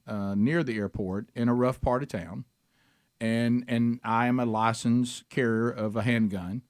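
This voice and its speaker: A man hosting a radio talk show, spinning a folksy story at an everyday pitch. His voice sits close and dry on the mic with no room sound. He chuckles his way through the anecdote. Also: no echo. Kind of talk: casual talk show chat. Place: radio studio.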